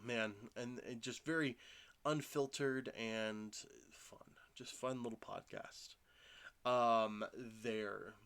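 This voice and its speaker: A man's voice: lowish voice, a bit bright, clear, resonant tone. Sleepy man rambling on a home podcast. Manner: rambling, many fillers and restarts. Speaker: podcast host. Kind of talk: casual solo podcast talk. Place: home room.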